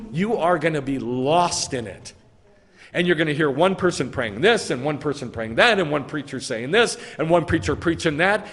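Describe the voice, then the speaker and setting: A man delivers a sermon as a rabbi, his voice slightly high and swinging widely in pitch. He drives points home with repetition and rhetorical questions. The sound carries a long hall reverb. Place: congregation sanctuary.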